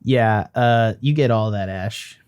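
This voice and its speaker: A man's voice: on the low side, slow, darkish tone, clean tone. Male dungeon master, casual and rambling in his delivery. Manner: casual, rambling with fillers and swearing. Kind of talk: running a tabletop game.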